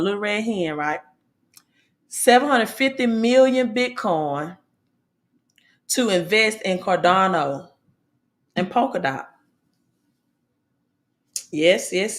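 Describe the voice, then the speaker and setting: A woman hosting a casual livestream, talking in an animated, preachy way and correcting herself as she goes. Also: mid-range voice. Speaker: livestream host.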